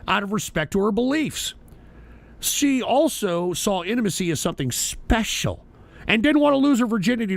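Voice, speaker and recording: A man's voice: sits high, dry recording. A man hosting a live-streamed talk show, reading out odd news stories with brash, profane, mocking commentary. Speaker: political talk show host.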